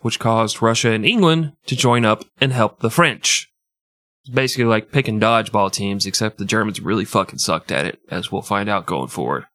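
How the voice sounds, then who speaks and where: A man's voice: mid-range voice, a bit bright, dry recording, clean studio sound. A man hosting a casual, comedic history podcast who jokes crudely and laughs often. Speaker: podcast host.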